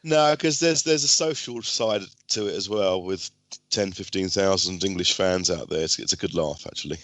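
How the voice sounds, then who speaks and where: A man's voice: low voice, moderate pace, a bit bright, no echo. Dry-spoken man on a podcast. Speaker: podcast panelist. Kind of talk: casual football podcast chat.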